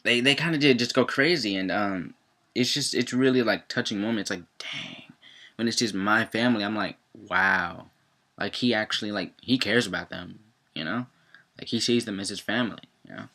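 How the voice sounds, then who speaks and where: A young man reviewing a cartoon episode in casual chat, rambling with lots of fillers and breaking into excited outbursts. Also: normal speed. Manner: rambling, heavy on fillers, swings into excited high-pitched outbursts.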